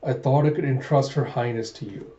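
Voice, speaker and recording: A man's voice: mid-range voice, fairly quick, dark tone, lightly acted. A man voicing a blunt, fiercely loyal young general while reading a manga aloud. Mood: stern. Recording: echoey room, dull lo-fi sound.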